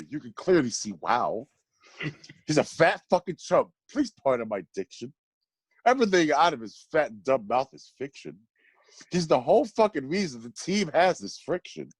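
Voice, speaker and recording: A man's voice: medium pitch, breathy edge. A man co-hosting a casual podcast, laughing often and reading a comic rhyming poem with swagger. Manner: animated, laughs often, reads rhymes with swagger. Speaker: podcast co-host.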